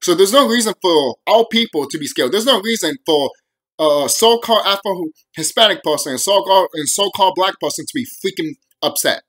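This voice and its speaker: Young male vlogger, profane and heated, with a slightly high, piercing voice. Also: lively intonation, brisk, a bit bright. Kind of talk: ranting monologue to camera.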